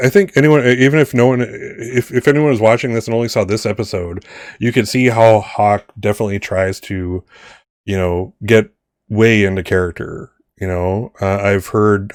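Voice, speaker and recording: Low-voiced rambling game master. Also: male voice, no room sound, clean studio sound. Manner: rambling, many restarts and swearing. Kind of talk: casual campaign wrap-up chat.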